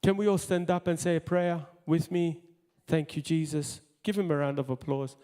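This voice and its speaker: A man preaching a sermon as pastor, in impassioned bursts that drop to quiet asides. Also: a little high, moderate pace. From Malta. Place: church hall. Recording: long hall reverb.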